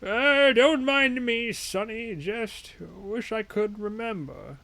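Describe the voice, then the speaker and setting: A man voicing a frail, forgetful old male widower, speaking slowly and haltingly. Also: sits high, vocal fry, bright, forceful tone, pitched above the performer's own voice, exaggerated voice. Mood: wistful. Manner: slow, halting and wistful.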